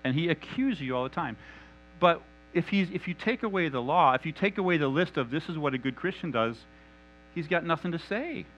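A man preaching a sermon in an animated, conversational and humorous manner. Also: on the high side, a little fast, highs cut off.

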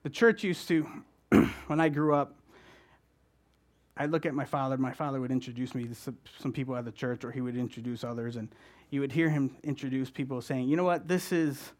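A man preaching a conversational sermon, talking fast and often checking in with his listeners. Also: mid-range voice, fairly even intonation. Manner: fast-talking, keeps asking "right?". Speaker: guest preacher.

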